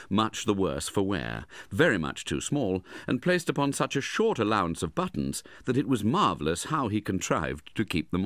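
Deep-voiced man narrating an audiobook. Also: dry recording. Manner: measured, expressive storytelling.

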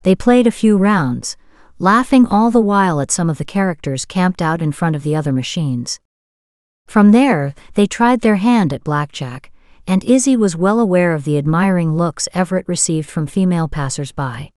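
A woman narrating a romance novel as an audiobook, in a smooth, steady storytelling manner. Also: lowish voice, moderate pace, no room sound, studio quality.

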